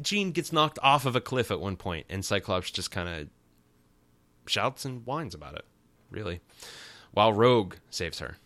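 A low-pitched man hosts a podcast in a loose, rambling recap style. His tone is forceful and crisp, with wry, sarcastic asides. The recording is close and dry. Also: no room sound. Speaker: podcast host. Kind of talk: casual comic recap.

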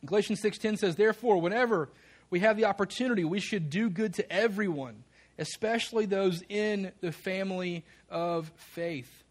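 A man with a fairly high voice preaches a sermon from the pulpit. He reads scripture passages aloud and calls out questions for the congregation to answer back. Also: normal speed. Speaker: pastor.

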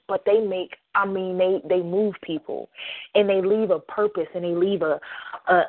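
A woman's voice: lowish voice, no room sound. A woman talking earnestly and reflectively in a podcast conversation, thinking aloud as she goes. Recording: tinny phone-like line, dry.

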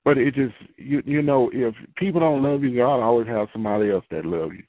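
A man's voice: medium pitch, a little fast. A man preaching in a loose, conversational way, repeating phrases and building into fervent prayer. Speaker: pastor. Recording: tinny phone-line radio audio.

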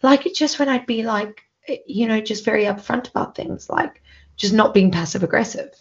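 A woman's voice: on the high side, lively intonation, moderate pace, vocal fry, husky. A woman from South Africa with a South African accent, hosting a podcast in casual chat, teasing and upfront in how she talks. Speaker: podcast host. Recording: dull lo-fi podcast audio.

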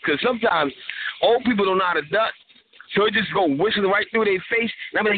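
High-voiced joking man on a phone line. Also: fast talker. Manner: joking, rambling, laughs often. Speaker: radio show co-host. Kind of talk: casual call-in radio banter. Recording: tinny phone line, faint noise.

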